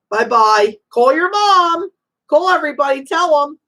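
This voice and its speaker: High-voiced emphatic woman hosting readings. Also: animated, slow. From Italian-American background. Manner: warm, emphatic, motherly, calls guests honey and sweetie. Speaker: psychic reader and show host. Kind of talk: live call-in spiritual reading show.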